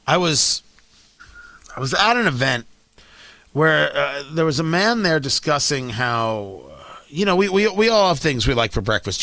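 A man hosting a talk show, delivering an animated, sarcastic political rant. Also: fairly high pitch, no room sound. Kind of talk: opinionated political monologue.

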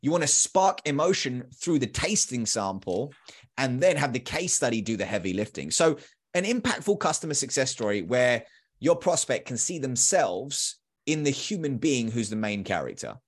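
A man's voice: mid-range voice, moderate pace, breathy edge. A man in his thirties, a sales trainer, talking energetically as a podcast guest with emphatic repeats. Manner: animated, acts out quoted dialogue; emphatic repetition.

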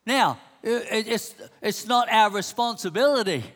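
Preacher with a high voice. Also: male voice, animated, measured pace, a bit bright. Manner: emphatic, repeats rhetorical questions. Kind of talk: sermon. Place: church hall. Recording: long hall reverb.

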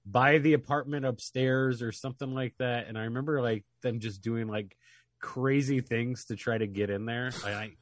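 A man co-hosting a podcast, talking in excitable, rambling casual chat and swearing freely. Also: medium pitch, normal speed, dry recording. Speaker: podcast co-host.

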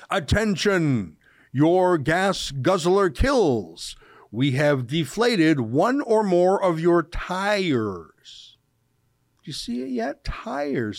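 A man's voice: fairly high pitch, darkish tone, no echo, studio quality. Sarcastic male commentary host. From Canada. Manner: sarcastic, mocking, emphatic. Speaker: show host. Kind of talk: opinion commentary monologue.

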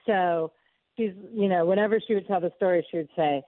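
A woman's voice: lowish voice, brisk, dry recording. Woman guest on a phone interview, earnest, heartfelt storyteller, tinny dry line.

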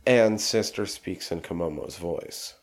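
A man's voice: sits low, unhurried. A man co-hosting a casual film talk, adding short points to his partner's retelling. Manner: chimes in with short additions. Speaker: podcast co-host.

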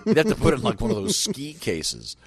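A man's voice: mid-range voice, wildly swooping pitch, normal speed, breathy edge, no room sound. A man co-hosting a radio show, bantering casually and enthusiastically, chuckling as he talks. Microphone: studio microphone.

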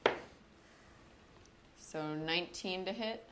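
A woman's voice: fairly low pitch, slow pace, very noisy. Chatty woman playing a tabletop game. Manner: chatty, thinks aloud with fillers. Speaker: player. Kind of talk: casual tabletop game play.

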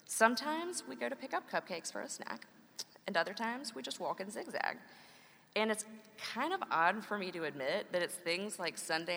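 Bright wry woman in a reverberant hall. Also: fairly low pitch, gravelly. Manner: wry, playful humor. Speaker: co-host, mother. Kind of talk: scripted conversational reading.

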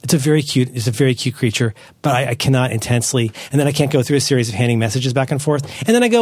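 A man hosting a podcast, chatting casually as a parent, rambling and correcting himself as he tells animated stories. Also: medium pitch, racing, few pauses, no echo. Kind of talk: casual chat.

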